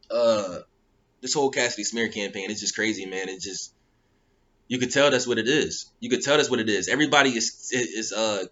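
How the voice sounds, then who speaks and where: A man's voice: medium pitch, a bit bright, highs cut off. A man giving heated, casual commentary on battle rap, repeating himself and often asking if you follow. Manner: heated and repetitive, often asking "you know what I'm saying".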